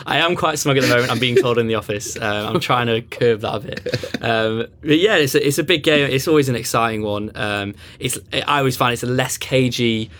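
A man's voice: medium pitch, fairly quick, few pauses, fairly bright tone, a little hiss or hum. A man on a football panel in a studio, laid-back and self-mocking, often hedging what he says. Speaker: pundit guest. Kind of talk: casual football chat.

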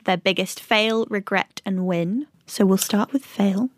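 A woman's voice: mid-range voice, measured pace, no room sound, studio quality. A young woman co-hosting a casual interview, asking curious questions. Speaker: co-host.

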